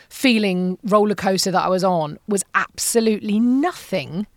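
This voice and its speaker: A woman in her forties, telling her story as a podcast guest in a candid, animated, self-mocking way, with the odd swear word. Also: lowish voice, no echo, studio quality. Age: 40s.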